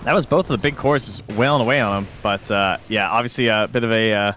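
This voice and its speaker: A man's voice: fairly low pitch, fast, a bit bright, slight background noise. A man giving casual, joking color commentary on a live esports match, with loose banter and swearing.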